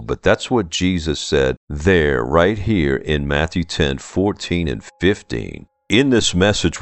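Deep-voiced preacher with a New Orleans accent. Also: male voice, no room sound. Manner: emphatic, with pointed rhetorical questions. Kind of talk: sermon.

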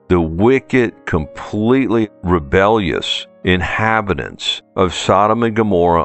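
A man with a New Orleans accent preaching a sermon, emphatic and full of pointed rhetorical questions. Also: sits low.

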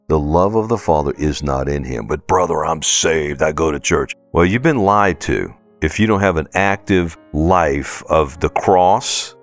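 A man's voice: low voice, dry recording. A man with a New Orleans accent preaching a sermon, emphatic and full of pointed rhetorical questions.

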